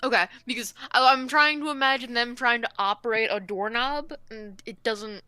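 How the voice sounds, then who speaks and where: A woman's voice: fairly high pitch, moderate pace, bright, forceful tone, clear, resonant tone, no echo. A woman playing in a tabletop game, chatting casually and describing scenes. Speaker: player.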